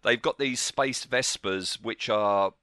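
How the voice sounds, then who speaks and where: Male podcast co-host, fairly low voice, dry close sound, blunt grumbling. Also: takes it slowly, sharp tone, dry recording. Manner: blunt, exasperated complaints. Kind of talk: casual critique chat.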